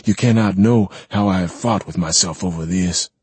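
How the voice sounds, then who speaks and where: A man voicing an ancient, controlling man speaking in a measured, weary way in a story reading. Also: sits low, darkish tone, husky, dry recording. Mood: earnest.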